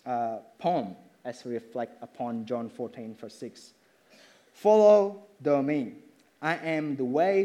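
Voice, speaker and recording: A man preaching a sermon in church, emphatic and animated, repeating phrases as he builds his points. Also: medium pitch.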